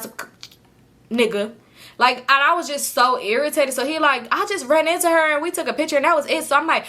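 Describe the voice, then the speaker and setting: A young woman, telling a story to her viewers in an animated, profane, casual way. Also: high-pitched, fast talker. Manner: animated, profane, quotes people in lively voices.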